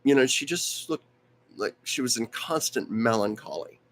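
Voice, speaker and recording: A man's voice: mid-range voice, expressive, normal speed, a bit bright, a little hiss or hum. A man hosting a live stream, telling a rambling story with many asides, his voice strained and fading in and out. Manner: rambling, anecdotal, with frequent asides and restarts. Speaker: host.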